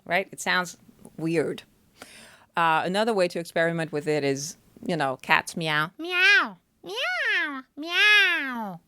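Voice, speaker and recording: A woman's voice: sits low, fairly even intonation, moderate pace, fairly bright tone, smooth, dry recording. A woman voice teacher explaining singing technique in a chatty, step-by-step way, often checking in with the listener.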